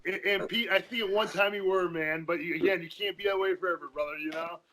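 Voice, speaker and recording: A former powerlifter guesting on a podcast, talking in a casual, profane rush full of restarts. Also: male voice, high voice, steady tone, crowd noise, low-quality recording. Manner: fast, profane, repeats himself in restarts. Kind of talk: casual chat.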